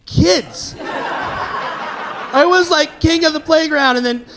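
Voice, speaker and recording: A young man performing a stand-up comedy set, telling stories in an animated way and jumping into loud, shouted quotes. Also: very high-pitched, slow pace, slight background noise. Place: comedy stage before a live audience.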